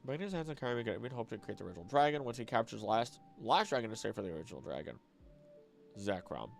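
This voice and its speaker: A man's voice: on the low side, sing-song, fast, vocal fry. A young man from the American South, streaming a casual late-night chat and reading chat messages aloud, rambling and correcting himself as he goes. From Southern United States. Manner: rambling, self-correcting, mutters while reading. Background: faint background music and keyboard typing.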